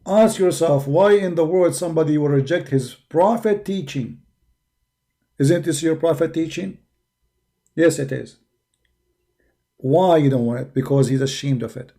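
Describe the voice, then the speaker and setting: This is an argumentative man with an Arabic accent, preaching in English as his second language. His voice sits fairly high but sounds dark and mellow. It has a gravelly, fry-laden texture. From Arab world. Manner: forceful, argumentative, with non-native grammar. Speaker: religious debater. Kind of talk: preaching monologue.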